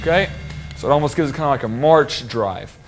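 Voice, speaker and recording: A man teaching a drum lesson, explaining soloing and accent patterns in a relaxed, explanatory way with frequent fillers. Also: medium pitch, brisk, music in the background. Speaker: drum instructor.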